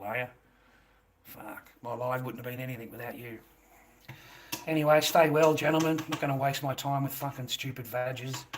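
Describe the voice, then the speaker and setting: A man's voice: medium pitch, noisy background. An Australian man livestreaming to his chat, combative and swearing, with taunting insults. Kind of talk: profane livestream rant.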